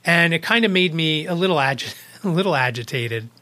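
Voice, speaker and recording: A man's voice: fairly high pitch, lively intonation, brisk, bright, forceful tone. A man hosting a podcast, casually retelling a personal anecdote with small restarts. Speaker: podcast host. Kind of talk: casual storytelling vlog.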